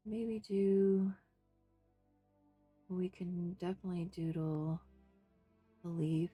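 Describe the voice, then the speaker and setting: A woman's voice: lowish voice, steady tone, takes it slowly, long pauses, warm tone, slightly rough, soft background music. A woman chatting casually through an art journaling tutorial, thinking aloud, fussing over details and talking to her viewers. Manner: fussy, second-guessing. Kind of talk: casual crafting tutorial chat.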